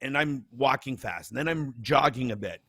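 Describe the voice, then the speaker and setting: Husky, bright-voiced man. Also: medium pitch, normal speed, dry recording, studio quality. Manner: animated, self-mocking storyteller with many restarts. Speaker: podcast co-host. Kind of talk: casual chat.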